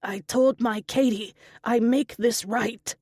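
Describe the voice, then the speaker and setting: A woman voicing an old male lizard servant who speaks in broken, halting English, anguished and loyal, in an audiobook. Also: a little high, steady tone, a little mellow, breathy edge, no echo, clean studio sound, pitched above the performer's own voice. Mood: grim.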